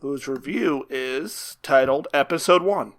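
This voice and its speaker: A man co-hosting a podcast in casual chat, making dry, deadpan jokes. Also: mid-range voice, unhurried. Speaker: podcast co-host.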